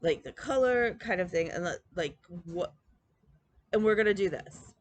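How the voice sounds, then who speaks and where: A woman's voice: mid-range voice, animated, normal speed, slight background noise. A woman chatting casually as a cross-stitch vlog host, telling stories with lots of quoted dialogue and fillers. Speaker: flosstube host. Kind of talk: casual chat.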